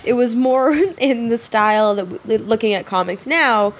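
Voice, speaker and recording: Playful young woman, higher voice. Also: moderate pace, slight background noise. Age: young adult. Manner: playful, laughing storyteller. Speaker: podcast guest. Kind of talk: casual chat. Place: video call.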